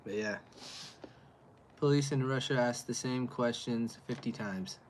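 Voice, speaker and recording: A Canadian man rambles through a relaxed beer review, taking his time. He hesitates, trails off and chuckles between thoughts. A faint hum of ambience sits under his voice. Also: medium pitch, a little slow. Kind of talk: casual livestream chat.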